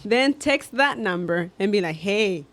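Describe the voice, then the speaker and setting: A woman's voice: medium pitch, animated, normal speed, a bit bright. A woman co-hosting a podcast in casual chat, listening, chiming in with support and laughing along. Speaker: podcast co-host.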